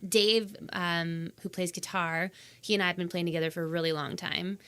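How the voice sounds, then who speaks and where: A woman's voice: fairly low pitch, steady tone, moderate pace, fairly bright tone, smooth. A young adult woman from Canada, a singer-songwriter guest chatting casually on a podcast, laughing easily and poking fun at herself.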